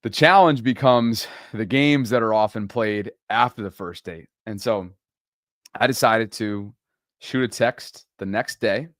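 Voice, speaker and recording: Low-voiced man telling a dating story. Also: unhurried, fairly bright tone, no echo, clean studio sound. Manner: laughs often, storytelling with self-deprecating humor. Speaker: podcast co-host. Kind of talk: casual chat.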